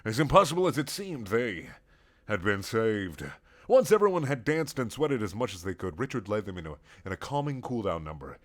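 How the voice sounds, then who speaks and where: A man's voice: fairly low pitch, sing-song, fairly quick. A man reading a playful fan story aloud as narrator. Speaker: reader.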